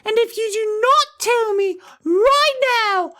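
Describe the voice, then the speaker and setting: A man doing a shrill, frantic viewer. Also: slow pace, sharp tone, exaggerated voice. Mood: panicked. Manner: hysterical, rising to a wail. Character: frantic, shrill panicking viewer begging for advice.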